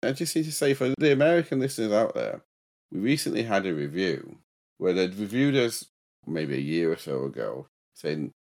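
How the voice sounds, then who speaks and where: A man with a South Yorkshire accent chats as a podcast guest over a remote call. His voice sits very low, and he mumbles and restarts words as he goes. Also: very animated, moderate pace, a little mellow. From South Yorkshire, England. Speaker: podcast guest and host of his own show. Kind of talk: casual remote podcast chat.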